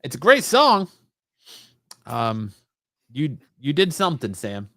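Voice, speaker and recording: A male co-host chatting casually on a pop-culture podcast, his pitch rising and falling a lot as he ribs his partner. He pauses on ums and uhs in a teasing, easygoing way. The sound is dry and close, with no room echo. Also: wildly swooping pitch, a bit bright. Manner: teasing, drawn-out hesitations and fillers. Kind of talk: casual banter.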